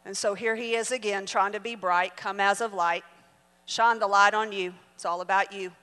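A woman in her forties preaching as a guest speaker, telling a personal story. She swings from soft asides to loud exclamations. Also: mid-range voice, fairly even intonation, moderate pace. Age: 40s. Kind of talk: sermon with storytelling. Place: church auditorium. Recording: long hall reverb.

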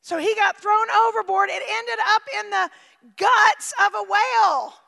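A woman preaches with a very high, bright voice edged with gravel. She swings from shouting to near-quiet, and her words ring with the long reverb of a large hall. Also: measured pace. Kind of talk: sermon.

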